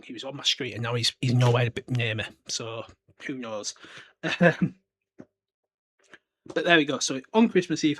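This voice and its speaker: A man's voice: medium pitch, fairly bright tone. A British man in his twenties hosting a podcast in a casual, rambling book discussion, chatting loosely and swearing offhand. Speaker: podcast host.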